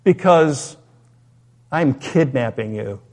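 A remorseful male faun, as a man voices him speaks mournfully and repeats his confession in a lowered, softer voice. The faun comes up as a story told inside a sermon. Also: expressive, slow, vocal fry, heavily acted. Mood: guilty.

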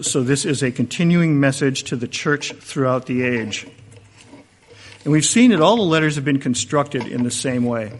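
A pastor preaching a conversational sermon, moving between raised emphasis and hushed, quiet lines. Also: male voice, medium pitch, long reverb tail.

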